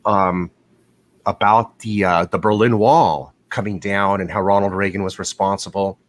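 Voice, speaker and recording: A man with a lowish voice hosts a loose, unscripted live stream. He rambles through anecdotes with cursing and bursts of animation. He is heard through a desktop mic on a video call. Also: moderate pace. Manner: rambling, profane, animated storytelling. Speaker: host of a live watch show. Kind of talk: casual live-stream chat. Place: home in California.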